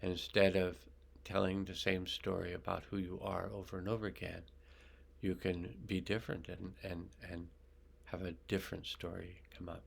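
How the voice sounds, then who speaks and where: An older man leads a guided healing meditation, his very low voice thick with gravelly fry. He speaks slowly and calmly, staying on a flat, even line as he soothes his listeners with long pauses. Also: a little hiss or hum. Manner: slow, calm, soothing, with pauses. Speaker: energy healer.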